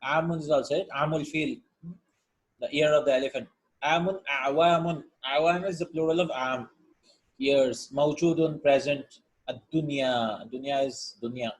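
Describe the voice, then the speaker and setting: A somewhat mellow, higher-pitched male voice leads an informal Arabic lesson on vocabulary and grammar, heard through a rough recording. He reads the words out individually, glosses each one, thinks aloud, and keeps checking in with "right?" and "yeah?"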